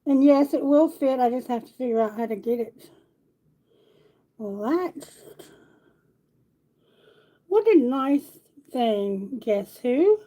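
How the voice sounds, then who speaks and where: A woman's voice: sits high, lively intonation, slow, long pauses, mellow, rough recording. A woman reading tarot on a casual livestream, chatty and affectionate, talking to her viewers. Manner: chatty, affectionate, sings song lyrics herself. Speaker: tarot reader.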